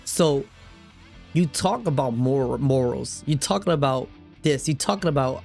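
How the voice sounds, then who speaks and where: A man's voice: a little high, a little slow, creaky, pauses often, soft background music. A young man streaming a game, reacting heatedly to the story and talking to chat in a profane, rambling way. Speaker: gaming streamer. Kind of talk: live reaction commentary to chat.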